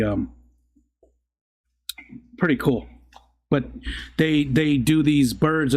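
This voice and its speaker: A middle-aged man chats casually on a live stream in an easygoing, unhurried voice of ordinary pitch. He rambles from one thought to the next, often stopping to restart a sentence before carrying on. His talk stays relaxed and conversational throughout. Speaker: livestream host reading chat. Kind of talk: casual chat.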